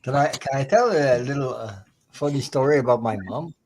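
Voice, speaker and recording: A middle-aged man, co-hosting a casual live-stream chat, easygoing and quick to laugh. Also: mid-range voice, a little mellow, a little hiss or hum. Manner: easygoing, laughs often, short reactions. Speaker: co-host.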